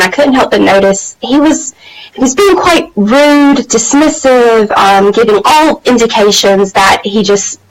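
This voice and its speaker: On a motivational live stream, the host of a women's empowerment channel shares a personal story in a candid, chatty style full of fillers. Her voice is fairly high, and the recording is low quality.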